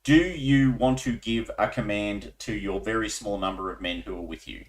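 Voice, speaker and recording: A man running a tabletop war game as game master, explaining rules in a relaxed way with many ums. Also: fairly low pitch, moderate pace, reverberant, rough recording.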